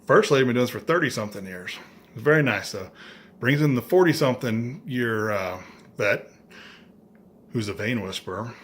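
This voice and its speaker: A man's voice: mid-range voice, moderate pace, long pauses. Man telling a story with dry humor. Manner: animated, acts out others' lines; dry, self-mocking humor. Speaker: vlogger. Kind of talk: casual storytelling.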